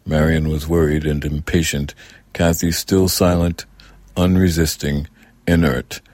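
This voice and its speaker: A man narrating an audiobook in an even, measured reading. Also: extremely low pitch, dry recording.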